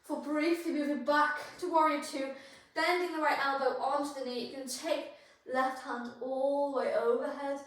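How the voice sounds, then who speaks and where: A woman's voice: high voice, fairly even intonation, normal speed, very echoey, far from the mic, poor audio. A woman leading a yoga class, cueing poses and breaths in an encouraging way and getting out of breath as she goes. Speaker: yoga instructor. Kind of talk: guided yoga class instruction.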